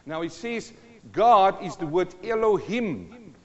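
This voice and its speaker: A man preaching a sermon from the front of a church, emphatic, swinging between hushed asides and loud bursts. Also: high voice, lively intonation, takes it slowly, in a large hall, muffled recording. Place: church hall.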